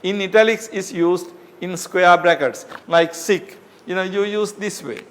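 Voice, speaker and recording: A man's voice: high-pitched, a little slow. A man giving an academic lecture as a professor, explaining step by step with frequent fillers and rhetorical questions.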